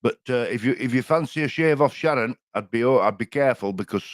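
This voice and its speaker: An older man from Yorkshire, England, co-hosts a live stream, chatting casually and homely with a Yorkshire English accent, rambling and chuckling often. His voice is medium in pitch and quick, recorded clean in a studio with no room sound.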